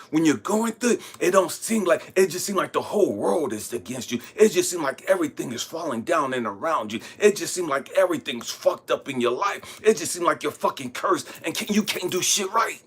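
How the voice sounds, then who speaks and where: Man, spiritual vlogger, bright raspy voice, swearing storyteller. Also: a little high. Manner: profane, blunt, street-talking storyteller. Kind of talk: impassioned spiritual monologue.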